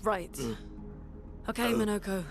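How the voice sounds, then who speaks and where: A man voicing a calm female party leader who reassures the group. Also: sits high, unhurried, gravelly, over music, voice pushed up. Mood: reassuring. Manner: soothing, steady.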